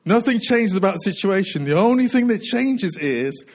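Breathless, high-voiced preaching man. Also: big pitch swings, poor audio. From United Kingdom. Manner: earnest preaching with repetition and slow emphatic phrases. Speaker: pastor. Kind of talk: sermon.

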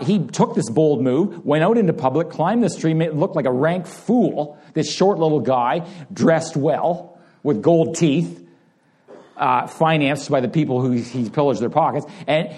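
A man delivers a sermon in a relaxed, conversational way. His voice is mellow and dark. He acts out what the crowd says as he goes and talks straight to people in the pews. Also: on the high side, slightly rough. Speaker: pastor.

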